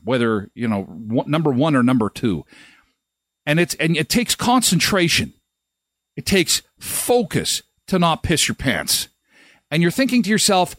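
A man's voice: on the high side, a bit bright, no echo, clean studio sound. A middle-aged man hosting a live daily show, telling a funny story casually. His voice jumps up when he retells the moments that annoyed him.

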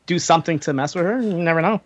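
A man joining as guest, chatting casually and quickly. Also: a little high. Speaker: guest co-host. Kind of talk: casual chat.

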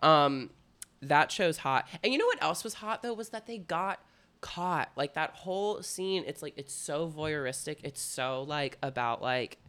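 Bright-voiced, frank young man. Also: on the high side, lively intonation, unhurried, clear, resonant tone. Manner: frank, rambling, heavy use of "like". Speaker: podcast co-host. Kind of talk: casual chat.

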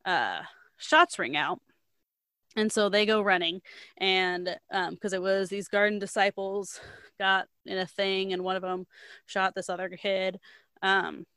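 A woman's voice: medium pitch, sharp tone, clear, resonant tone, no echo. A woman casually retelling the plot of a novel in a rambling way, full of fillers and the odd swear word.

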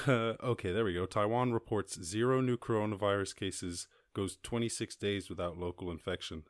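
An Irish man hosting a casual solo podcast, reading news and rambling with lots of swearing and squeaky silly voices for other people. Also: no echo, clean studio sound. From Ireland. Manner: rambling, profane, jumps into high squeaky voices for quoted people and animals. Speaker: podcast host.

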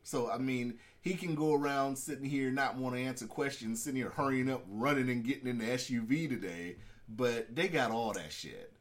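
Laughing often, a podcast co-host talks about the news in a loose, profane, casual chat. He speaks at a moderate pace with few pauses, in a medium-pitched voice.

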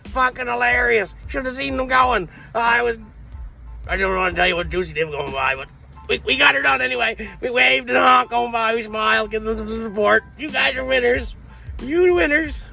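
A high, bright-voiced man tells trucking stories in a rowdy, cursing, boisterous way, full of hoots and laughs. He talks casually from inside his truck cab, with faint music playing behind him. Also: fairly quick, creaky. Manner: profane, boisterous, laughing storyteller. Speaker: truck driver vlogger. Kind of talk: casual storytelling vlog.

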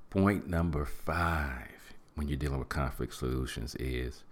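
A middle-aged man hosting a podcast, giving animated, preachy advice in casual talk and acting out what people say. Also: extremely low pitch, normal speed, vocal fry. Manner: preachy, animated, acts out quotes and hums. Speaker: podcast host.

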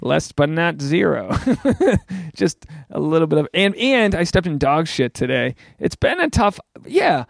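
Gravelly man joking on his podcast. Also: a little high, sing-song, measured pace, no echo, studio quality. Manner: rambling, self-deprecating jokes. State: out of breath. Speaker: podcast host. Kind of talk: casual chat. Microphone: home podcast mic.

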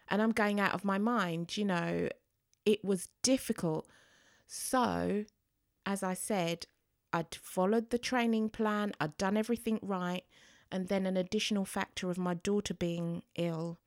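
A woman speaking in a relaxed, conversational way, recounting her own experiences. She lively mimics the people she quotes, and the sound is close and dry with no room echo. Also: fairly low pitch. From England. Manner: animated, acts out voices in quotes. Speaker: guest. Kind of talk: casual storytelling.

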